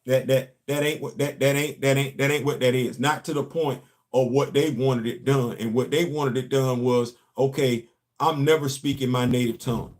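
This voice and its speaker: A man's voice: medium pitch, steady tone, normal speed, darkish tone. A man hosting a comics commentary show, ranting emphatically and repeating himself. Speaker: host. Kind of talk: casual commentary.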